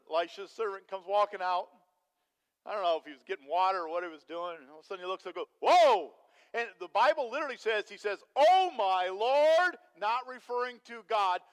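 A man preaching a sermon as pastor, telling a story with animated energy and putting questions to the congregation. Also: high-pitched. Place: church sanctuary. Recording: long hall reverb.

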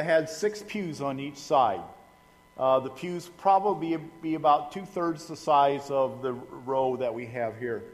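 A middle-aged man from Indiana, a pastor telling personal stories in a sermon, folksy and conversational with humorous asides to the congregation. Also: mid-range voice. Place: church sanctuary. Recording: long reverb of a church hall.

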